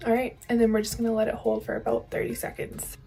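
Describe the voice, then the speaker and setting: A woman's voice: on the high side, completely flat delivery, quick pace, gravelly, dark tone, soft background music. A young woman vlogger chatting upbeat through a hair curling tutorial, explaining each step as she goes. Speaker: beauty vlogger.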